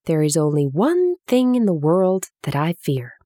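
A woman's voice: deep voice, sing-song, a little slow, warm tone, dry recording, clean studio sound, heavily acted. A woman voicing the earnest straw Scarecrow. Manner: earnest, simple, a little sad. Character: friendly, gentle male scarecrow made of straw.

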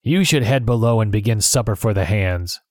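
A man's voice: on the low side, normal speed, a little mellow, no room sound, natural voice. A man voicing a stern, blunt sea captain in a storybook reading, curt and plain-spoken, dry close sound.

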